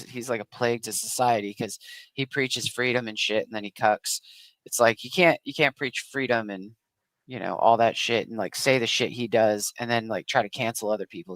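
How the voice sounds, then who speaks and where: A man's voice: medium pitch, bright, forceful tone, no echo, low-quality recording. Blunt, profane man on a call. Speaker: panelist. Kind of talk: casual crude chat.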